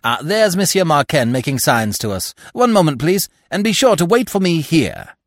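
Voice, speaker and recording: A man's voice: medium pitch, big pitch swings, moderate pace, dry recording, studio quality, close to an everyday voice. A man voicing a brusque police inspector who grumbles and complains irritably. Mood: impatient.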